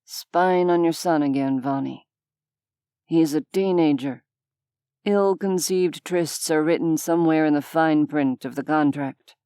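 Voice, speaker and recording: A calm grown man who answers with dry, sardonic understatement, voiced by a woman in her own low register. The delivery is slow, even and crisp in a dead studio. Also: no echo.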